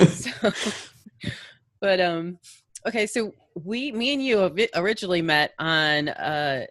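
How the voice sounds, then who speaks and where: Woman, lowish voice, American podcast host, chatty, laughs a lot, dry close sound. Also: takes it slowly, a bit bright, no room sound. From United States. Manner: laughs often, chatty and friendly. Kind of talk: casual interview chat.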